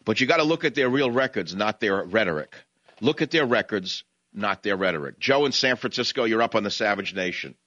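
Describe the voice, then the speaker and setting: A man's voice: fairly low pitch, lively intonation, brisk, pushed and bright, no echo, highs cut off. A man hosting talk radio, ranting angrily and hurling insults at his targets. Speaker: radio talk show host. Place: radio studio.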